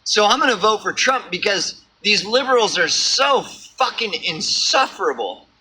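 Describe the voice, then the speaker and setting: A homeless man rants to the camera in a rambling vlog monologue, swearing often and tripping over repeated words. His high voice is sing-song, bright, forceful, and slightly rough, at a moderate pace. The audio quality is poor.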